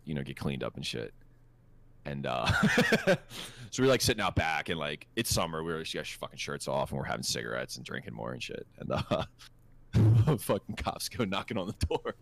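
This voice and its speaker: A man's voice: deep voice, creaky, fairly bright tone, dry recording. A man co-hosting a podcast, telling stories in a laid-back, profane, casual way. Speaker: podcast co-host. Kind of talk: casual storytelling chat.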